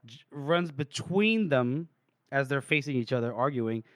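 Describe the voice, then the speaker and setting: Male podcast co-host, dry close-mic sound, lively storyteller, average pitch. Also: measured pace, no echo. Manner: animated retelling, acting out characters. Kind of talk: casual chat recapping a book.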